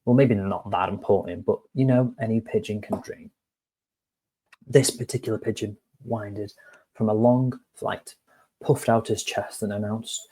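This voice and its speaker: A man's voice: on the low side, steady tone, moderate pace, mellow. A man, an HR course tutor who talks to viewers in a chatty, direct way and reads a storybook tale. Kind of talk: casual lesson with storytelling.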